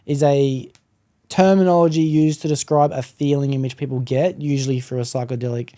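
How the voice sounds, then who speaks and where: A man hosting a podcast, talking in a relaxed, slangy, reflective way. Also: mid-range voice, brisk. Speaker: podcast host. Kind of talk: casual chat.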